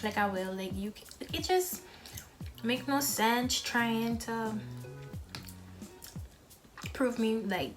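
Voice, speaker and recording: A woman's voice: fairly high pitch, sing-song, slow, long pauses, sharp tone, soft background music. A young woman who films herself eating at home and chats to the camera in a blunt, frank way, talking between bites. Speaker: mukbang vlogger. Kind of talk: casual talk while eating.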